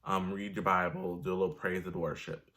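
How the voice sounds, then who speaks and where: A man's voice: sits low, level tone, fairly quick, pushed and bright. A young man ranting animatedly about his retail job, sassy and profane. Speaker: vlogger. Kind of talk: comedic rant.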